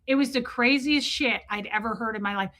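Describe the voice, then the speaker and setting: A woman hosting a livestream, telling a wild story to her chat in an animated way, full of "like" and swearing. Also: a little high, fairly quick. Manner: animated, lots of "like" fillers and cursing. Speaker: livestream host. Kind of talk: casual storytelling to a live chat.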